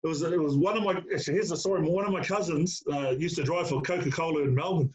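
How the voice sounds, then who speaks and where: Talking fast in a slightly mellow voice on the high side, a middle-aged man who used to play is the guest in an interview. He relates stories in casual chat full of fillers and calls the host mate. The sound is lo-fi and dull.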